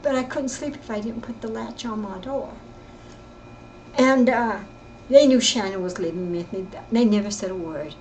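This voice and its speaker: An older woman telling her own story in casual, rambling speech, often halting and repeating herself. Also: a little high, darkish tone, a little hiss or hum, poor audio. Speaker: interviewee recounting her life. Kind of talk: casual spoken reminiscence.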